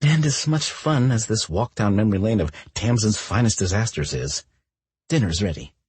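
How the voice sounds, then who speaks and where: A brash, teasing young woman from a romance audiobook, as a male narrator puts her on, her voice lifted well above his own and very breathy. She talks bluntly and playfully, with swings in pitch. The sound is close and dry. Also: expressive, moderate pace, a little mellow, no room sound.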